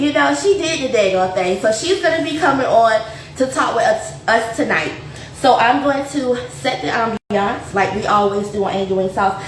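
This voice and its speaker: A woman with a fairly high voice hosts a casual home cooking livestream, chatting upbeat with viewers as she plates food. She's recorded off mic and at a distance, in an echoey room with faint background noise.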